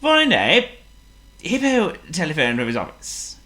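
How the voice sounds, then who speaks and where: A storyteller reading a children's picture book aloud in a lively, theatrical way. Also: medium pitch, moderate pace. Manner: lively, theatrical, voices every figure.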